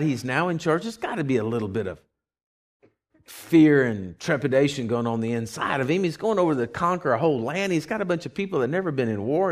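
Animated man preaching a folksy sermon. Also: fairly high pitch. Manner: animated storytelling, acts out voices; folksy, conversational.

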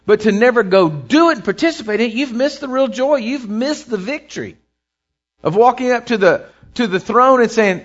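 A man preaching a sermon as pastor, building intensity with repeated phrases and dropping low for emphasis. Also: lively intonation, moderate pace, muffled recording.

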